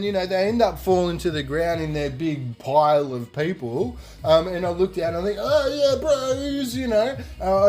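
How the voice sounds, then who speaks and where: A young man tells a rambling festival story on his podcast. His voice sits a touch high, and he jumps between narration and lively impressions of the people in the tale, swearing casually as he goes. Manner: animated, acts out quoted voices, swears freely. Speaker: podcast host.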